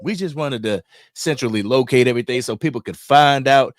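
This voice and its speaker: A man's voice: medium pitch, a little fast, no echo, clean studio sound. A man co-hosting a live sports stream, talking easily to viewers in a casual way.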